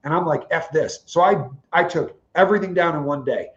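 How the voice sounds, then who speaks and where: Through dull audio, a man co-hosting a livestream talks fairly quickly in a fairly high voice, spinning casual stories and performing each line of quoted dialogue with animation.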